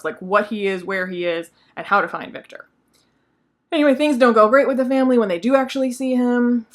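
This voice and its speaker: A woman's voice: fairly low pitch, fairly bright tone. Chatty woman recapping a book. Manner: chatty, many fillers like "like" and "um". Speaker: book vlogger. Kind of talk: casual plot recap.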